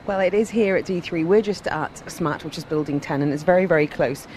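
A woman hosting a live radio chat outdoors at a design event. She is lively and enthusiastic and laughs easily. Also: fairly low pitch, a little fast, a little hiss or hum. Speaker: radio host.

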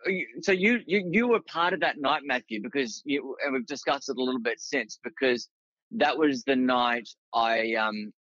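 Bright-voiced Australian man telling stories. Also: mid-range voice, lively intonation, moderate pace, no room sound, dull audio. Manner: rambling anecdotes with many restarts and fillers. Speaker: guest, writer and actor. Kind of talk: casual storytelling in a podcast interview.

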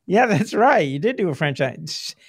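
A man's voice: high voice, big pitch swings, moderate pace, husky, dry recording, clean studio sound. A middle-aged man hosting a casual interview, rambling and laughing often as he reminisces. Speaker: podcast host, former filmmaker.

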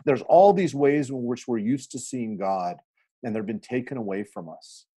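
An earnest man talks through scripture on a podcast. His voice sits at a middle pitch, and he tells stories with frequent restarts. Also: normal speed, dark tone, husky. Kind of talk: reflective podcast talk.

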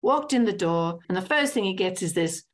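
A woman counsellor and hypnotherapist talking in an interview, animated, often acting out little scenes and adding "right?" to her points. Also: medium pitch, fairly quick. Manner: animated, acts out little scenes with lively voices; frequent tag "right?". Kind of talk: conversational interview.

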